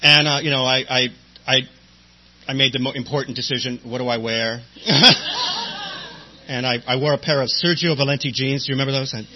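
Speaking briskly in a mid-range voice, a middle-aged man recounts his recovery with wry, self-mocking humor and plenty of "and, um" fillers. The audio is dull and lo-fi, with a faint hum.

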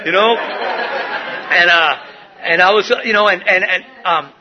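A man's voice: high-pitched, unhurried, highs cut off, a crowd in the background, background noise. A middle-aged man sharing his recovery story at a meeting, rambling with many fillers and restarts. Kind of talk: personal recovery share. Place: meeting room.

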